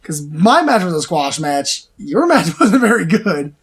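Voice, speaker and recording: An excitable man hosts a casual back-and-forth, his voice sitting a bit high. He rambles, laughs often and trips over his own restarts as he rushes to get his thoughts out. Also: husky. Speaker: show host. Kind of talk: casual chat.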